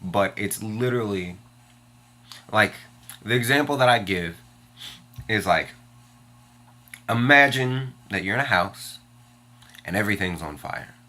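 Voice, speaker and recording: A man's voice: lowish voice, lively intonation, a little slow, long pauses, pushed and bright. A young man ranting bluntly and angrily in a personal vlog, swearing often as he vents his frustration. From Washington, D.C. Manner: profane and frustrated, venting bluntly. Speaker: vlogger. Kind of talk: angry personal vlog rant.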